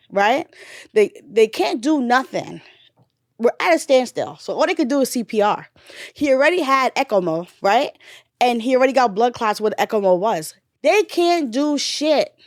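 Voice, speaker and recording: A woman's voice: fairly high pitch, no echo, clean studio sound. A woman, a nurse and bereaved mother, retelling a painful memory in a candid podcast conversation. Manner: candid, swearing, drifts from loud retelling to quiet grief.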